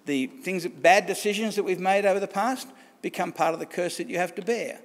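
A man's voice: high voice, fairly quick. A man with an Australian accent preaching a sermon in a conversational way, often asking questions and restarting phrases. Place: church hall. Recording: long church reverb.

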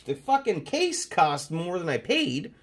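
A card-collecting host from Canada chats through his mail day, full of profanity and excited hype. His voice sits a little higher than most men's. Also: measured pace, husky. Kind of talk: casual mail-day chat.

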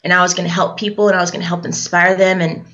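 A young woman with a lowish voice and a sharp, bright edge tells her story haltingly, pausing often and leaning on fillers. The recording is dull and lo-fi, as if the top end were shaved off. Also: level tone. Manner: halting, hesitant, with frequent fillers. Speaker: guest. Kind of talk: personal storytelling in an interview.

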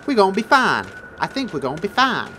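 A man's voice: sits high, very animated, brisk, slight background noise, low-quality recording. A young man giving jumpy, joking commentary over a horror game, swearing and yelping when startled. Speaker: gaming video host. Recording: game music loud behind voice.

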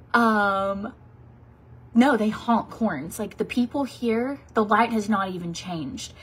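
A woman's voice: mid-range voice, slow pace, pauses often, slightly rough. A woman in her thirties from Tennessee, a beauty vlogger chatting casually during a makeup tutorial, rambling with many fillers and restarts.

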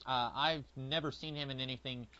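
On muffled, lo-fi podcast audio, a male co-host discusses TV casually, sounding relaxed yet hesitant and filler-heavy. His medium-pitched voice is brisk and sharp in tone, with fairly even intonation.

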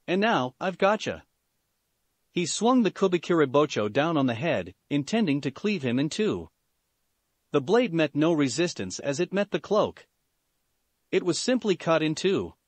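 A man narrating fan fiction aloud in a steady storytelling manner. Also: a little high, normal speed, dry recording.

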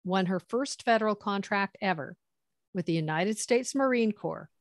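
A middle-aged woman consultant telling stories in conversation, animated and acting out quoted dialogue. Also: mid-range voice, moderate pace, no echo, clean studio sound. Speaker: government contracting consultant. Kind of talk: conversational storytelling.

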